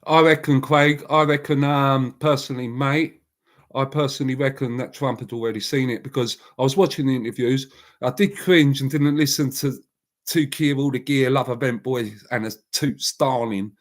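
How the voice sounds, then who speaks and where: A man's voice: mid-range voice, moderate pace. A man hosting a casual live chat, talking bluntly in a rambling way and answering viewers by name. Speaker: livestream host.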